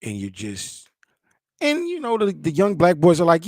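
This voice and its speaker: A man with a high, very lively voice gives animated casual commentary straight to the viewer. He laughs often, repeats himself and drops into mock voices. The sound is dry and close. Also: moderate pace, no echo.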